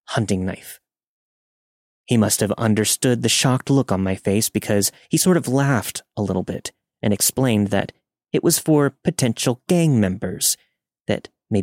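Male horror podcast host, gravelly voice, dry close recording, steady measured storytelling. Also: medium pitch, dry recording. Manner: steady, measured reading of a first-person tale. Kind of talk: scripted storytelling narration.

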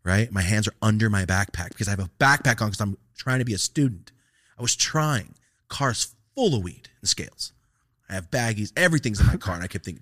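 A young man tells a profane story on a podcast and acts out the other people's lines. His voice sits low but swings widely in pitch. The sound is dry and close. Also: lively intonation, fairly quick, a bit bright, dry recording. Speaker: podcast host telling a story. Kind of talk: casual storytelling chat.

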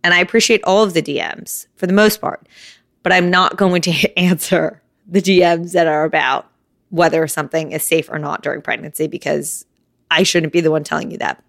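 A woman's voice: sits low, steady tone, moderate pace, gravelly, a bit bright, no echo, studio quality. A young woman hosting her own podcast, talking candidly and a bit out of breath, with frequent "like.". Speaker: podcast host. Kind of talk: casual solo podcast talk. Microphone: phone.

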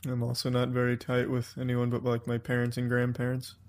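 A man's voice: medium pitch, monotone, brisk. A man co-hosting a podcast, reading out listener messages in a joking, casual way. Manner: reads messages aloud, jokey. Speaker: podcast co-host.

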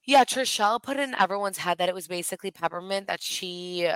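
A woman co-hosting a podcast, retelling events in a chatty, animated way with quoted asides. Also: lowish voice, fairly quick, clear, resonant tone, no echo, rough recording. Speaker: podcast co-host. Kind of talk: casual recap chat.

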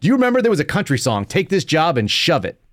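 A man's voice: a little high, wildly swooping pitch, fast, no room sound, studio quality. A man in his thirties hosting an opinionated podcast, mocking and laughing often as he rants. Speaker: podcast host.

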